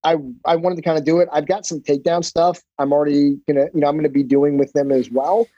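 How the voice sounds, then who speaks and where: Man, jiu-jitsu instructor, casual storyteller, slightly high voice, mellow tone, profane, dull lo-fi sound. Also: little pitch movement, fast talker, dry recording. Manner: loose and profane, many fillers.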